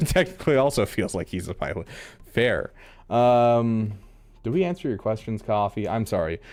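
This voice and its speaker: A man's voice: on the low side, big pitch swings, normal speed, darkish tone. A man streaming live, chatting casually with his viewers, rambling, restarting his sentences and laughing often. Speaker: streamer reading chat.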